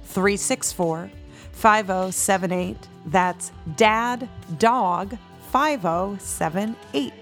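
A woman co-hosting a podcast in casual, playful chat with quick jokes. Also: mid-range voice, a bit bright, soft background music. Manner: playful, joking, quick reactions. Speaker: podcast co-host.

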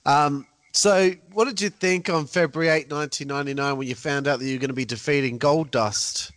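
A man's voice: a little high, brisk, fairly bright tone, no room sound. A man interviewing a guest, mostly giving short reactions and asking plain questions. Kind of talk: casual interview.

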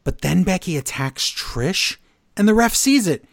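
A man's voice: sits high, a little slow, vocal fry, no echo, clean studio sound. A man co-hosting a podcast, recapping wrestling shows in a casual, exasperated and mocking way. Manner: animated, exasperated, mocking the quotes.

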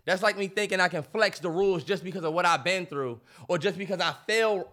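A man's voice: high voice, brisk, sharp tone. A man co-hosting a podcast, arguing emphatically and exasperated in heated debate, losing his voice. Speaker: podcast co-host.

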